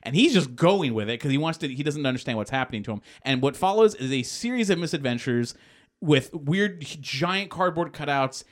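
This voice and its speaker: Casting: man, casual podcast talker, animated storyteller, swears freely, loose and rambling. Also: a little high, a little fast. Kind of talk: casual chat.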